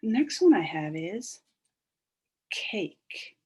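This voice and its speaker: A woman leads a phonics lesson for small children, sounding out each word slowly and drawing out its parts. Her pitch swoops up and down in a lively sing-song, and her voice has a soft, breathy edge. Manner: slow, sing-song and animated, stretching out sounds. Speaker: teacher.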